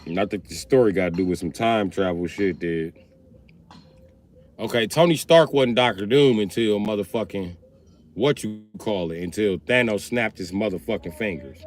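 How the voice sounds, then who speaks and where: A man's voice: lowish voice, normal speed. A man chatting casually on a livestream, talking in a loose, profane, rambling way.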